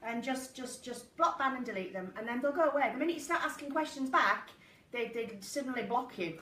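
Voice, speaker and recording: Chatty high-voiced woman. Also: expressive, a little fast, pushed and bright. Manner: chatty, giggly storyteller. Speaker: psychic medium hosting a live stream. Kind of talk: casual live-stream chat. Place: home living room. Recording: echoey room, mic at a distance, faint noise.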